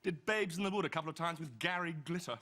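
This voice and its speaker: A man's voice: fairly high pitch, fast, very noisy, close to an everyday voice. An actor playing a pompous, bossy, self-regarding man who talks down to others in a TV sitcom. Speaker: sitcom character.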